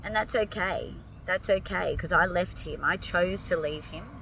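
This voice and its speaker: A woman, hoarse and tired, talking earnestly and emotionally to her followers and swearing casually. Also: on the low side, unhurried, pushed and bright, distant mic, slight background noise, poor audio. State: hoarse, fatigued. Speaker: vlogger addressing followers. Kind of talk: emotional direct-to-camera talk.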